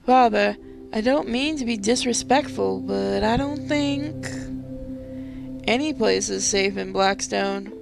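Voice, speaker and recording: A woman's voice: mid-range voice, slow pace, vocal fry, music in the background. A woman voicing a frightened, earnest young woman in a game, reading her lines with worried urgency. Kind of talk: reading game dialogue aloud.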